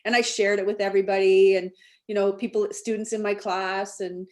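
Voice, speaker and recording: Woman, mid pitch, chatty, enthusiastic, hosting a Q&A, video call. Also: flat delivery, fairly quick. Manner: chatty, enthusiastic, laughs along. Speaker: Q&A host. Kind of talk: conversational Q&A over video call.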